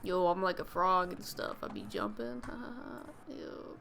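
A woman talks casually while gaming, tossing out slangy jokes. Her voice has a gravelly, creaky edge. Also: lowish voice, very animated, moderate pace, a bit bright, a little hiss or hum. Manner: playful, slangy, joking. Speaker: gamer playing with a friend.

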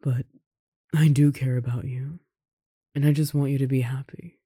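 A performer voicing a caring roommate who confesses love in a romantic audio roleplay, speaking softly with gentle laughs and sighs. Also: mid-range voice, level tone, normal speed, breathy edge, no echo, clean studio sound. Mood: tender.

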